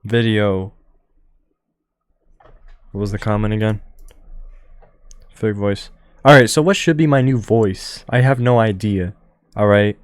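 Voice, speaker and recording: A young man hosting a solo podcast, talking in a monotone and rambling with many fillers into a close microphone. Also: fairly low pitch, measured pace, pauses often, clean tone, no room sound. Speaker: podcast host.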